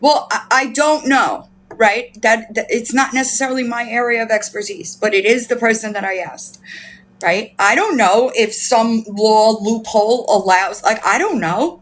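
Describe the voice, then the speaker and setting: Speaking at a normal speed, this woman has a fairly high, slightly bright voice over a little background hiss or hum. She's a livestream host in heated commentary, swearing often, repeating herself, and reacting to her chat with outrage and disbelief.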